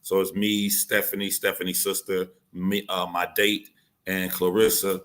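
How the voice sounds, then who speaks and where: Low-voiced man telling a heated story. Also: level tone, unhurried, fairly bright tone. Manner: blunt and profane, acting out what others said; insistent, repeating key points. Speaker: YouTuber telling his side of a dispute.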